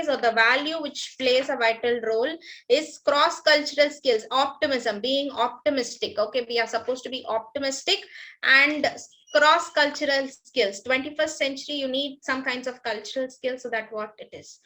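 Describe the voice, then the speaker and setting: Bright, high-voiced woman teacher, Indian English. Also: poor audio. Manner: repetitive, patient instructions, frequent "okay" and thanks. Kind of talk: online class instruction.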